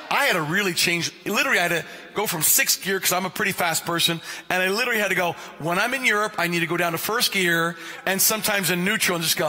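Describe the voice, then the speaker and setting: A man's voice: high-pitched, quick pace, few pauses. A male pastor preaching a sermon in a church, telling stories with jokes and calling out listeners by name. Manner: animated, joking storyteller who addresses listeners by name. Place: church sanctuary. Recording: long reverb of a church sanctuary.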